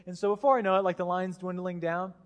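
A man with a high, light voice preaches to his congregation, spinning an animated story and slipping into the voices of the people in it. His words ring out with a long reverb through a large church sanctuary, picked up by a stage microphone. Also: fast talker, lo-fi sound. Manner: animated storytelling with acted-out quotes. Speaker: pastor. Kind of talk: sermon.

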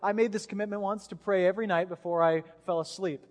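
A man, a pastor, preaching a sermon in a casual, animated storytelling way, acting out voices as he goes. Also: sits high, fast. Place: church sanctuary. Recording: long hall reverb.

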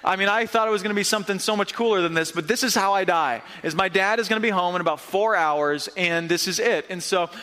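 A young man from upstate New York giving a sermon, telling a story in a lively, conversational way. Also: sits high, quick pace, hardly any pauses, long reverb tail. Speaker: pastor. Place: church hall.

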